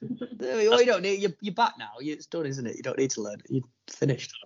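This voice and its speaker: A man's voice: a little high, sing-song, fast, creaky, breathy edge, lo-fi sound. A man hosting a casual running podcast, teasing his co-hosts and laughing often. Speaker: podcast host. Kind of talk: casual chat.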